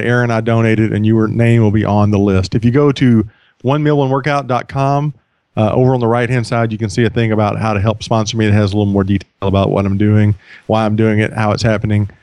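A man's voice: on the low side, a little mellow, no echo, clean studio sound. A man hosting a casual podcast, chatty and self-mocking, restarting sentences often. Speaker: podcast host.

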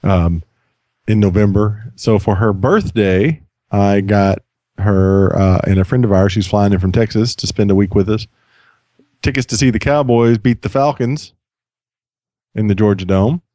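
A man's voice: on the low side, measured pace, warm tone, dry recording. A man co-hosting a casual comedy podcast, a chatty storyteller who playfully interrupts, heard on a close mic. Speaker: podcast co-host.

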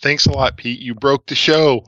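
A man co-hosts a casual podcast, teasing the host with wry remarks. His voice is bright and forward, and the sound is dry. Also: medium pitch, steady tone, normal speed, no room sound, muffled recording.

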